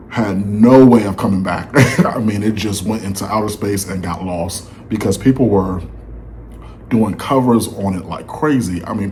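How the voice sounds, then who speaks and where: A man with a very deep, mellow voice hosts a casual reaction vlog. He is sick with a sore throat and chats in a loose, rambling way, filling gaps with small asides, while faint room ambience sits behind him. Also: a little hiss or hum. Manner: chatty and rambling, with many fillers. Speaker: YouTube reaction host.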